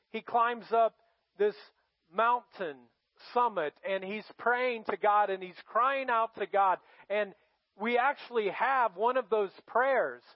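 A male pastor with a high voice delivers a sermon at an unhurried pace, telling the story with dramatic emphasis. The recording is dry and a little dull and lo-fi. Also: dry recording. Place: church.

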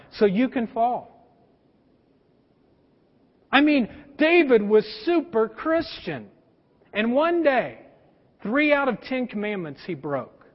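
A man's voice: extremely high pitch, animated, measured pace. A man preaching a sermon, telling a story and speaking straight to his congregation. Long hall reverb, dull lo-fi sound. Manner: storytelling, direct address to the congregation. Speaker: pastor.

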